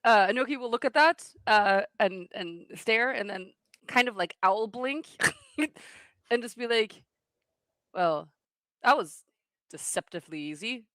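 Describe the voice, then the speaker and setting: A woman's voice: on the high side, unhurried, fairly bright tone, no room sound. A woman playing in a tabletop game, chatty and giggly. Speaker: player.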